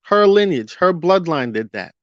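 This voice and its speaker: Man vlogger, slightly high voice, hot-headed rant full of rhetorical questions; dull lo-fi, dry sound. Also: big pitch swings, fairly bright tone, dry recording. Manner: fiery, rhetorical questions, drawn-out emphasis. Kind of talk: ranting commentary monologue.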